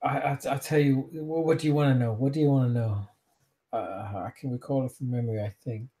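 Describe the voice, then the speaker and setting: A man's voice: medium pitch, steady tone, fairly quick, dark tone, natural voice. A man playing a dazed newly turned vampire seer. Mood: hungry. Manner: drawling, dreamy, easily distracted.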